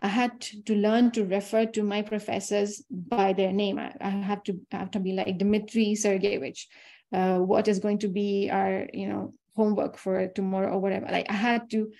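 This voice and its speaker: A woman from India speaks in a webinar talk with a mellow, warm tone and a middling pitch. She tells her stories in a chatty way and slips into little voices for the people she quotes. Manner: chatty storyteller who acts out quoted dialogue.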